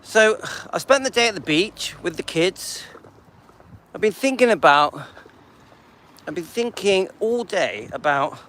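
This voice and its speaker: A man's voice: high-pitched, expressive, measured pace, long pauses, fairly bright tone. An older man hosting a casual live stream while walking outdoors through a seaside town, chatting and greeting viewers by name.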